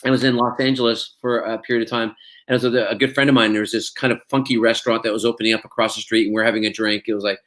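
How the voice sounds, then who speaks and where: A middle-aged male actor with a Scottish accent, telling lively anecdotes in an interview and acting out the voices in his stories. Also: lowish voice, very fast. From Scotland. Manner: animated storyteller, acts out voices in quotes. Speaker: actor guest.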